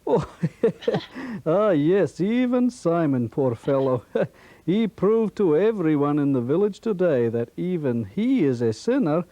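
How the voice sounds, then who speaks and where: An actor playing a kindly, thoughtful father in a puppet Bible story, speaking slowly with chuckles. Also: fairly high pitch, sing-song, dark tone, no room sound, lo-fi sound. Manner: slow, hesitant, chuckling.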